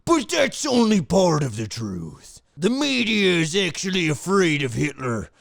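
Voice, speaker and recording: A man's voice: high-pitched, wildly swooping pitch, vocal fry, fairly bright tone, no room sound, studio quality, heavily acted. Man doing a drawling brash wrestler. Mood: conspiratorial. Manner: slow, drawling, says brother a lot. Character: brash male wrestler, calls everyone brother.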